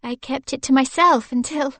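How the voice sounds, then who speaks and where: A woman voicing a gentle, flustered young wife in an eager, breathless manner for an audiobook. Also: high voice, normal speed, no room sound, pitched above the performer's own voice.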